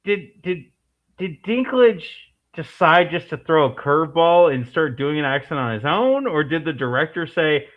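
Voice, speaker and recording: A man's voice: fairly high pitch, lively intonation, normal speed. A married man co-hosting a casual movie chat, laid-back and joking. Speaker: podcast co-host. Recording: dull lo-fi sound.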